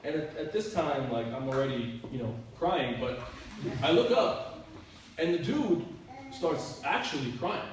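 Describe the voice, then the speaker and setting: A man speaks to a youth group as their minister, in a loose, chatty storytelling way full of "like" and "you know". His voice sits a bit high for a man. He sounds set back from the mic in a very echoey room, with a faint hiss underneath. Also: expressive, measured pace, recorded from a distance. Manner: casual, chatty, many "like" fillers.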